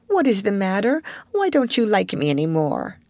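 A woman voicing a tearful, affectionate plump schoolgirl in a high, unsteady, pleading voice, reading a classic novel aloud. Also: huge pitch swings, moderate pace, a little mellow, no room sound.

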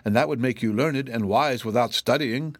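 A man's voice: mid-range voice, moderate pace, no room sound, clean studio sound, lightly acted. A man voicing a clever, helpful female hen in a storybook, speaking in a matter-of-fact way.

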